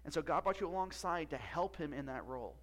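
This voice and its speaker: A man preaching a sermon as pastor, emphatic, with long pauses and drops to a hush. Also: fairly high pitch, lively intonation.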